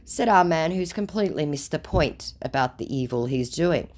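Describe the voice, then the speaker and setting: Sardonic woman host, animated pitch, unimpressed. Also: normal speed. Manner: mocking, exasperated. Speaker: channel host. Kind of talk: sarcastic chat reading.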